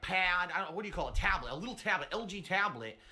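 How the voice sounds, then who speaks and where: A man's voice: high voice, lively intonation, fast, pushed and bright. A man telling a rambling, profane story about a frustrating taxi ride. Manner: rambling, profane, flustered retelling. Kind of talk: rambling anecdote.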